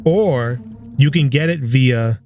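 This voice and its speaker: A man's voice: mid-range voice, takes it slowly, over music. Sarcastic man narrating game footage. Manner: sarcastic, joking. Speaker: video host. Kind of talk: comedic game commentary narration.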